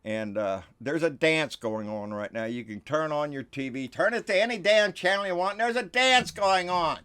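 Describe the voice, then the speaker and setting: Heated vlogger, a man with a high, bright voice, profane and sarcastic. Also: lively intonation, normal speed, smooth. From Texas. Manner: profane, fiery, sarcastic, calls listeners "baby". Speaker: political vlogger. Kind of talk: heated political rant.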